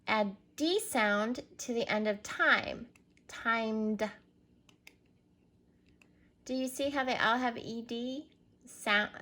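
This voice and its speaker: This woman teacher's voice is on the high side, gravelly, and fairly bright. In a recorded reading lesson for young children, she prompts patiently and spells out words one letter at a time.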